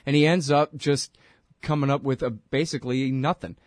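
A man's voice: medium pitch, fairly even intonation, normal speed, no echo. Man, radio host, heated, sarcastic, dry studio sound. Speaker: radio talk show host. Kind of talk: talk radio interview.

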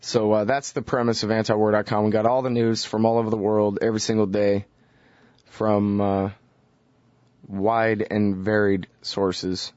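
Lowish, rambling male radio host. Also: level tone, moderate pace, darkish tone, dry recording, highs cut off. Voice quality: loose and rambling, with frequent "uh" fillers. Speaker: radio talk show host. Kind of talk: casual radio talk, solo monologue. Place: radio studio. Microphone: studio microphone.

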